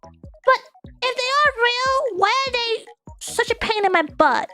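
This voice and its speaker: A woman's voice: extremely high pitch, animated, measured pace, loud music behind the voice. A woman streamer chatting casually and reading viewer comments, giggly and playful with sudden squeals.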